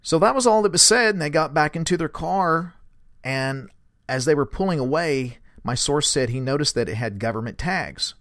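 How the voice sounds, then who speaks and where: A man's voice: a little high, moderate pace, no room sound. Man telling a story, dry sound. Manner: relaxed and rambling, with fillers, shifting into animated quoted speech. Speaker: host recounting a source's story. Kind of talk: conversational storytelling.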